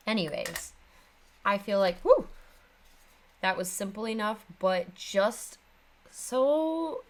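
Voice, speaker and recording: Chatty Midwestern woman, low gravelly voice. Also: a little hiss or hum. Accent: Upper Midwest American. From American Midwest. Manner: rambling, chatty, frequent ums and laughs. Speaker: craft channel host. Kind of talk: casual chatty crafting vlog.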